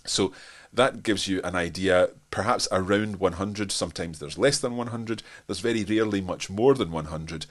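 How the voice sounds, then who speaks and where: A man's voice: deep voice, moderate pace. A man with a Scottish accent and a stuffed-up nose, answering viewer questions in a live webinar, hesitant with frequent restarts. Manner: hesitant, many restarts and fillers.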